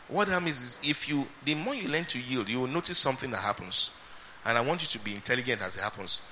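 A man preaching a sermon, emphatic and repeating his phrases, swinging between loud and soft. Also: medium pitch, a little hiss or hum. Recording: reverberant hall with faint ambience.

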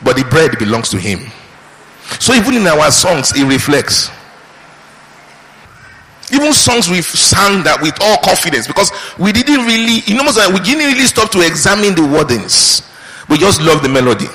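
A man pastor preaching a sermon with lively rhetorical questions. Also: fairly high pitch, moderate pace, pauses often. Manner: animated preaching with mimicked prayers and rhetorical questions. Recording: reverberant hall.

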